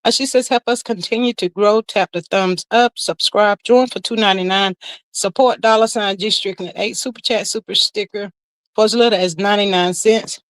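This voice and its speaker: A woman with a mid-range voice hosts a casual livestream at a moderate pace and a fairly even intonation, chatting, greeting her chat and reading out messages. She uses Southern slang and calls everyone "child." The audio is poor, though there is no echo.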